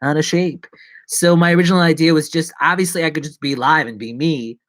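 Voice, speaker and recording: A man's voice: on the high side, fairly even intonation, brisk, fairly bright tone, no room sound. A man chatting loosely on a live stream, jumping between asides and poking fun at himself. He restarts his sentences often and lets thoughts trail off. The sound is dry and close. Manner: rambling, self-mocking, many restarts and asides. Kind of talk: casual live-stream chat.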